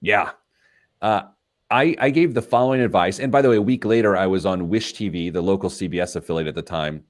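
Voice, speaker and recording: A man's voice: low-pitched, fairly quick. A man hosting a radio talk show, telling stories about himself in a casual, self-mocking way. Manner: self-deprecating storyteller, laughs at himself. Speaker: radio show host, financial planner.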